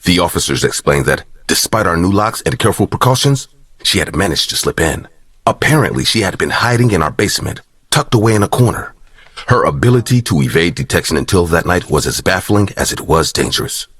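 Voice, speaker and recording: A man reading a scripted story in an even, matter-of-fact way. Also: low voice, a little fast, breathy edge, dry recording. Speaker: story narrator. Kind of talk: scripted narration.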